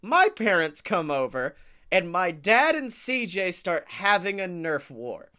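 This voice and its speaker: A man co-hosting a comedy podcast, telling animated stories, acting out quotes and laughing often. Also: high-pitched, a little slow, smooth. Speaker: podcast co-host. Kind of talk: casual comedic storytelling.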